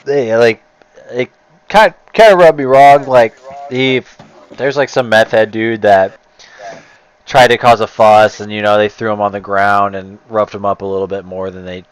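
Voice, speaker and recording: A man's voice: lowish voice, steady tone, moderate pace, clear, resonant tone, no room sound, rough recording. A man chatting casually, rambling with lots of "like" and swearing easily. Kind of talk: casual chat.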